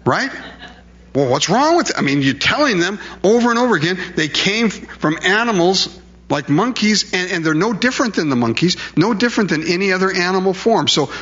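A man's voice: on the high side, a bit bright, dull audio. A male preacher delivering a sermon in an emphatic, conversational way, full of rhetorical questions.

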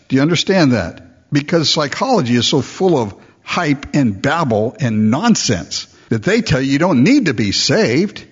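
A man preaching a sermon, explaining the text with animated asides and mocking voices. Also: mid-range voice, breathy edge. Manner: lively expository preaching with mock voices and asides. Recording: dull lo-fi recording.

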